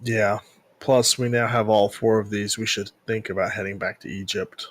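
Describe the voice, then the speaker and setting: A man playing in a tabletop role-playing game, talking casually and thinking aloud in a relaxed way. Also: lowish voice, moderate pace, no room sound.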